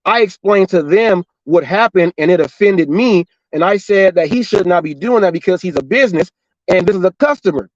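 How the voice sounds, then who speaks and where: A man's voice: high-pitched, a little fast, dry recording, highs cut off. A middle-aged man from Southern California, a delivery driver and show host, telling a story in a casual monologue and acting out the dialogue with lots of repetition. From Los Angeles and Orange County, California. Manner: animated, repetitive retelling with quoted dialogue.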